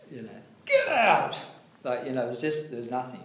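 A man's voice: medium pitch, very fast. Chatty man telling stories. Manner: animated storyteller, acts out quotes, many fillers. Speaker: devotee recalling past. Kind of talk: casual storytelling chat. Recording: echoey room, faint noise.

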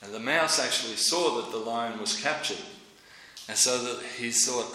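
A man's voice: medium pitch, normal speed, pushed and bright, reverberant, slight background noise, rough recording. A man giving a devotional talk, rambling and anecdotal, often repeating his words. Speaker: devotional speaker.

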